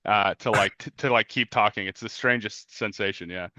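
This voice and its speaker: A man's voice: on the low side, normal speed, sharp tone, muffled recording, slight background noise. A male comedian chatting easily in an interview, full of "yeah" and "like", laughing often. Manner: easygoing, lots of "yeah" and "like", laughs. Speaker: comedian guest. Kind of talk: casual interview chat.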